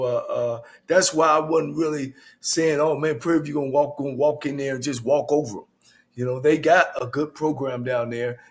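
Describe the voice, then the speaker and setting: A man co-hosting a sports talk show as a coach, breaking down a game in a loose, casual way full of "you know.". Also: a little high. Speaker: co-host and football coach.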